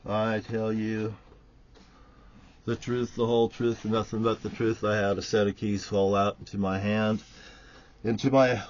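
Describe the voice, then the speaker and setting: A man delivering an angry, profane, preachy monologue, swinging between loud outbursts and quiet threats. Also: lowish voice, level tone, unhurried. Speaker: online ranter. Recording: dull lo-fi recording.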